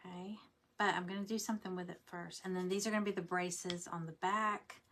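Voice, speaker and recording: A woman's voice: fairly low pitch, fairly even intonation, brisk, fairly bright tone, a little hiss or hum. A woman chatting casually to viewers while she demonstrates a craft project. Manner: chatty, rambling, talks to viewers. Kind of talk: casual craft demo livestream.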